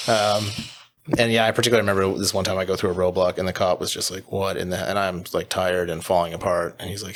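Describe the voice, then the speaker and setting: Deep-voiced fast-talking man telling stories. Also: noisy background. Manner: animated anecdotes with quoted voices and laughter. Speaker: butcher and sausage business co-owner, guest. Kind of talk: casual podcast storytelling.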